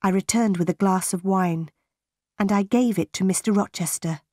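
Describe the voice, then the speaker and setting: A woman narrating a graded English storybook in a slow, careful, clearly paced reading style. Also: mid-range voice, a little mellow, no echo, clean studio sound.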